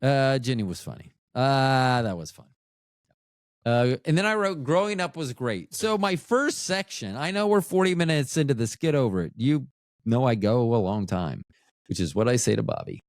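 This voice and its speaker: A man's voice: medium pitch, sing-song, normal speed, dry recording, studio quality. A man hosting a casual solo podcast, rambling and joking at his own expense. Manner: rambling, joking, self-mocking. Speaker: podcast host.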